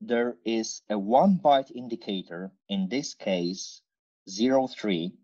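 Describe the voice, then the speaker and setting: A man walks through a technical demo at a slow, unhurried pace, stopping often on fillers. His tone stays casual, with playful asides along the way. The sound is dull and lo-fi, like a remote recording. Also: fairly low pitch, dark tone, breathy edge. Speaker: conference speaker. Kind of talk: technical screen-share talk.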